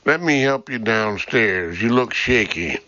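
A man playing an eager chatty young tech guy, bright tone, dry lo-fi sound. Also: on the low side, lively intonation, unhurried, dry recording. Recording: dull lo-fi recording.

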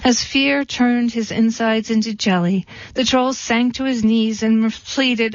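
A woman reading a storybook in a dry, deadpan way. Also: a little high, measured pace, few pauses, no room sound. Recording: dull, dry recording.

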